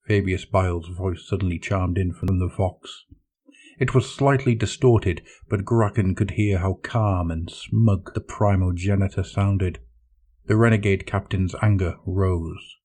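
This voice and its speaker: A man narrating dramatic science fiction in a measured storytelling manner. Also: deep voice, darkish tone.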